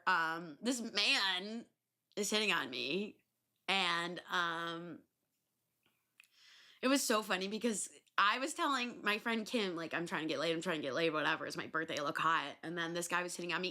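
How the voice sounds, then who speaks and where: A young adult woman hosting a podcast, telling stories in a loose, animated way, swearing freely and filling pauses with ums and likes. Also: fairly low pitch. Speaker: podcast host. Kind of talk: casual solo storytelling.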